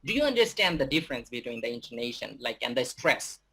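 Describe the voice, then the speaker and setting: A young man with a Bangladeshi accent, an English teacher giving a talk to students, halting with many fillers and restarts. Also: mid-range voice, very animated, gravelly, sharp tone, slightly rough.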